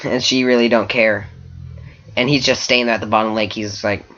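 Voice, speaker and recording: A man's voice: fairly low pitch, steady tone, fairly quick, fairly bright tone, dull audio. Rambling man retelling a game story. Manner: rambling, full of "like" fillers and restarts. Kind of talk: casual spoken storytelling.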